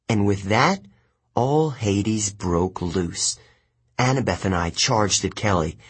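A man narrating an audiobook in the first person, telling the story in a steady, even way. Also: on the low side, husky.

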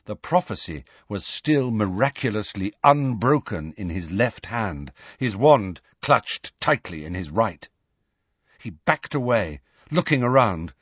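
A man narrating an audiobook in measured, expressive storytelling. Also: medium pitch, slightly rough, no echo, dull audio.

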